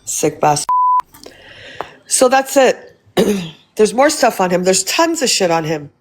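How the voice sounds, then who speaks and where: A woman's voice: mid-range voice, sing-song, slow pace. A woman host on a livestream, indignantly condemning someone. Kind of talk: livestream commentary.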